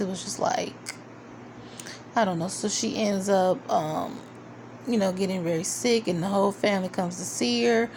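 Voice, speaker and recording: Woman, casual TV recap, chatty, animated quoted asides, faint background noise. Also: mid-range voice. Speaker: video reviewer.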